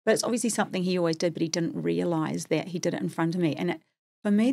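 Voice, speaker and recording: Middle-aged kiwi woman, a bit husky and lowish, chatty self-deprecating guest, dry close sound. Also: racing, dark tone, no room sound. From New Zealand. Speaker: podcast guest. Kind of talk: casual interview storytelling.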